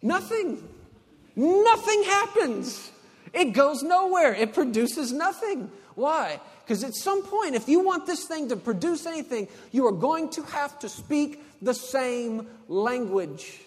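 High-voiced preacher in a hall. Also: male voice, sing-song, takes it slowly. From Texas. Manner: preaching, swinging from hushed to loud and emphatic. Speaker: pastor. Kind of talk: sermon. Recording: long hall reverb.

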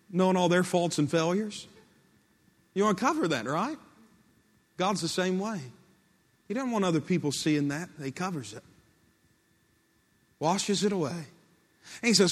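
A man's voice: high-pitched, lively intonation, normal speed, pauses often. Preaching man in a reverberant hall. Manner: storytelling, voices quotes, builds to impassioned peaks. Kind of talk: sermon.

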